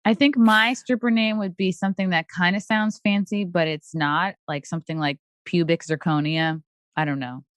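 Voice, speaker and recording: A young adult woman comedian, a guest chatting casually, filling her talk with "like" and quick jokes. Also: lowish voice, steady tone, clean tone, no room sound. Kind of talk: casual chat.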